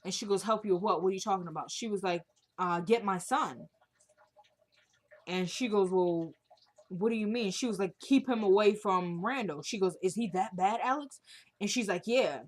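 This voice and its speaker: Woman vlogger, casual recap, animated retelling, mid-range pitch. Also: moderate pace. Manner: retells scenes quoting characters, animated. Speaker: TV episode recapper. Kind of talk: casual episode recap vlog.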